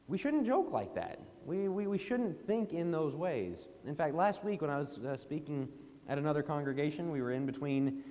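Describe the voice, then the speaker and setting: A man's voice: a little high, expressive, normal speed, darkish tone. A man preaching a sermon in a church auditorium, emphatic and pressing indignant questions. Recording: long hall reverb.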